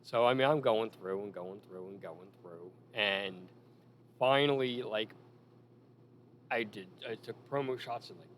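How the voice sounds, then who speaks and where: A man telling stories casually about managing in wrestling, animated and full of quoted lines. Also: mid-range voice, slight background noise. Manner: animated anecdotes with acted quotes. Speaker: former wrestling manager, guest. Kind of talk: casual storytelling.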